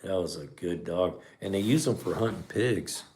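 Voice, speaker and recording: A man's voice: sits low, expressive, moderate pace, a little mellow, slight background noise. A middle-aged man hosting a podcast livestream, chatting casually and reading live comments in a laid-back way.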